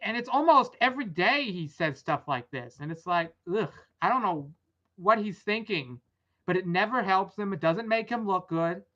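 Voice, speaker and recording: A woman's voice: mid-range voice, expressive, normal speed, a bit bright. A young adult woman hosting a casual rambling commentary, blunt and exasperated, swearing freely. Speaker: vlog host. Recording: dull lo-fi audio.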